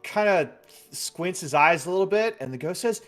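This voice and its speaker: A woman narrating as game master of a tabletop game, in a relaxed and unhurried way. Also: lowish voice, soft background music.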